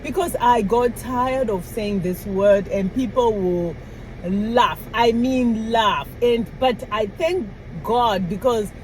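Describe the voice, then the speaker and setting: Speaking slowly in a fairly high voice, this non-US woman vlogs casually to camera about picking up the local way of speaking in the country she moved to, laughing and playing out small conversations. The recording is rough and carries a slight hiss or hum.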